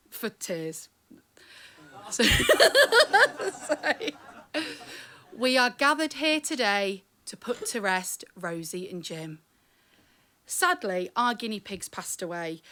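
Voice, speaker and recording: A woman's voice: on the high side, fairly bright tone. A woman performing comic spoken-word storytelling live, wry and chatty, teasing the audience.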